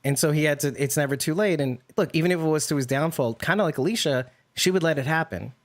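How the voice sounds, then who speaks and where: A man co-hosting a podcast in casual chat, talking in long, rambling, animated runs, laughing often and swearing now and then. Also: fairly high pitch, quick pace. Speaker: podcast co-host.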